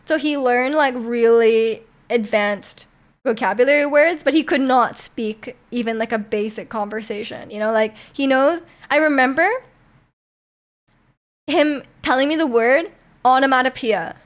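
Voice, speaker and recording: A woman's voice: sits high, measured pace. A young woman from Canada chatting casually with viewers on a live stream, rambling with lots of fillers and laughs.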